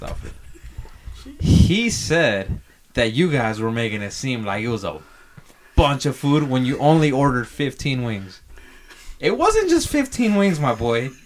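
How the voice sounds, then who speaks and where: A man's voice: mid-range voice, lively intonation, a little slow. A man as a podcast guest in casual chat, slangy and playfully argumentative, saying bro a lot.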